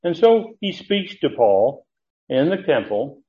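A man teaching a verse-by-verse Bible study lecture, talking in a halting way with frequent fillers and restarts. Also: a little high, sing-song, mellow. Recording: tinny phone-like audio.

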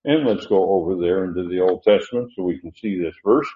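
An older man teaching a Bible study as a preacher, unhurried and halting, with many fillers. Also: low voice, animated. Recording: roomy, dull lo-fi sound.

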